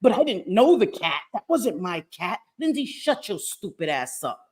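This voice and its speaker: A brash woman hosting a livestream, talking in loose casual chat. She swears freely and keeps the talk animated, at an everyday middle pitch. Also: normal speed, husky. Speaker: livestream host. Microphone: streaming mic.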